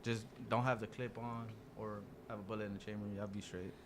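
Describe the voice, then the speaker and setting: Young guy, mid voice, relaxed storyteller, swears freely and acts out the dialogue; faint noise bed. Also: lowish voice, a little fast. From Dallas area. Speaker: podcast guest telling a story. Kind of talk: casual storytelling among friends.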